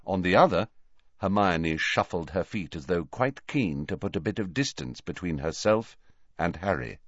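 A man narrating an audiobook in an expressive storytelling manner, on a dull, dry recording. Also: low-pitched, normal speed, no echo. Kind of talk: scripted narration.

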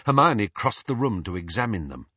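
A man narrating an audiobook with expressive, varied storytelling. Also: fairly low pitch, moderate pace, breathy edge, dry recording. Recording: dull lo-fi dry audio.

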